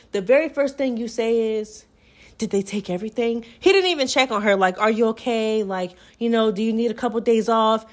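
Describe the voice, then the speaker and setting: A young adult woman recapping a movie for her channel in a chatty, animated way, acting out the characters' lines as she goes. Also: a little high. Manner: chatty, animated storytelling with acted-out quotes.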